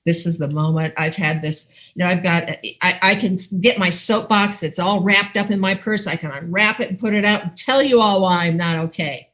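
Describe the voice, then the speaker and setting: A middle-aged woman from Iowa giving a personal recovery testimony over a video call, animated and laughing often as she acts out quotes. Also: medium pitch, normal speed, hardly any pauses, rough recording. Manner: animated storytelling with frequent laughs and acted-out quotes. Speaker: recovery meeting speaker. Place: home, online video call. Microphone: video call microphone.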